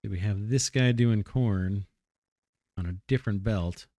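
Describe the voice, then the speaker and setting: A man's voice: fairly low pitch, moderate pace, dark tone, no echo. A man hosting a let's play, thinking aloud as he builds, his voice a little worn. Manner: thinking aloud, musing and self-correcting. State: slightly losing his voice. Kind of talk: casual gameplay commentary.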